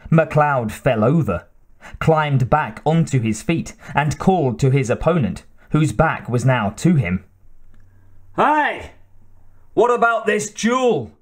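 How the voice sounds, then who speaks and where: Expressive, unhurried male storyteller. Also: medium pitch. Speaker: audiobook reader. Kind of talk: scripted narration.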